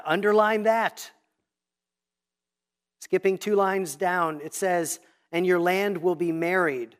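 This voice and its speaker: A preacher in a church with a notably high-pitched voice. He teaches patiently and methodically, guiding his congregation through a scripture passage line by line as they mark their leaflets. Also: slow, long pauses. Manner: instructive, walking listeners step by step through a text. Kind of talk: sermon teaching Bible study method. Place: church sanctuary.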